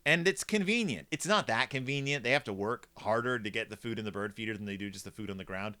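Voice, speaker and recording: A man's voice: fairly low pitch, quick pace, sharp tone. A man hosting a comedic review of a children's book, talking in a snarky, rambling way.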